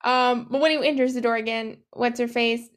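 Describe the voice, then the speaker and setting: A woman's voice: on the high side, flat delivery, brisk, a bit bright. A woman chatting casually as a podcast co-host, recapping a movie, swearing freely and acting out the lines.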